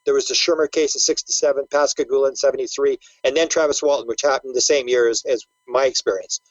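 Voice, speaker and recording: A man's voice: mid-range voice, fairly even intonation, fast talker, no echo, muffled recording. An older man, a guest researcher, talking casually in an interview, telling stories with animation, acting out quotes and stumbling over repeated words.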